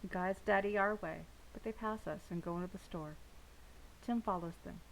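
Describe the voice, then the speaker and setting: A woman reading a novel aloud with steady first-person narration. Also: on the low side, normal speed, gravelly, slight background noise, poor audio. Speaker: audiobook reader.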